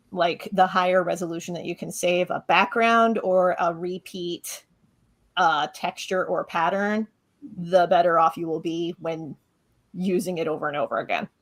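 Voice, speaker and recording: A woman's voice: fairly low pitch, a bit bright. Woman chiming in on a comics livestream. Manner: friendly, explains with asides and agrees often. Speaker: comic artist co-host. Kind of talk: casual livestream chat.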